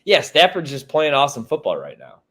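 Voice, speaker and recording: A man's voice: mid-range voice, huge pitch swings, fairly quick, sharp tone, breathy edge. A man from Chicago hosting a sports podcast, giving blunt, profane, opinionated takes in casual chat.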